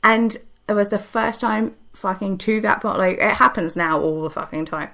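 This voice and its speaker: A woman's voice: medium pitch, steady tone, moderate pace, gravelly, sharp tone. A young woman, a podcast co-host and wrestler, telling a candid story with heavy swearing and earnest, tumbling restarts.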